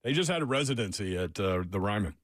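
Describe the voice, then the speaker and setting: A man hosting sports talk radio, excitable and quick to get worked up, laughing often. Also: fairly low pitch, no room sound, clean studio sound. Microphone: studio microphone.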